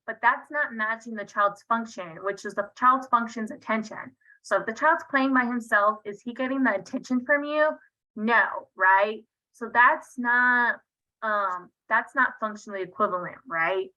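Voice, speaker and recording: Bright-voiced woman teaching over video call. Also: a little high, moderate pace, dull audio. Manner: conversational, checks in with frequent "right?". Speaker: parenting workshop presenter. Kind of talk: online workshop teaching. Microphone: video call computer mic.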